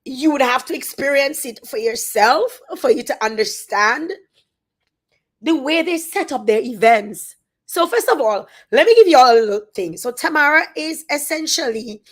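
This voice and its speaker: A middle-aged woman from Dominica, telling an emphatic, animated story in a casual review vlog. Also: on the high side, normal speed. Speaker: vlogger.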